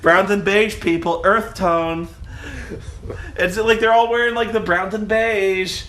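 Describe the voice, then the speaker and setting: A man chatting casually about movies he saw, lively and laughing, often acting out scenes in mock voices. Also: high voice, takes it slowly. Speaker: co-host reviewing movies. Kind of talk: casual movie review chat. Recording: echoey room with faint noise.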